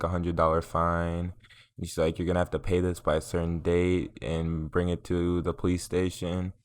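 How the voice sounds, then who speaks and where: A young man's voice sits low and stays fairly flat as he tells a casual story. He rambles, swears freely and leans on fillers. The sound is dry and close, with no room around it. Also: clear, resonant tone, dry recording. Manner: rambling, profane, filler-heavy. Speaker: vlogger.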